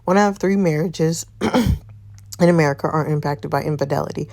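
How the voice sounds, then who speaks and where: A woman reading the lines of a calm, professional female marriage counselor in a story game. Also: low voice. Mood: measured. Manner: measured, advising.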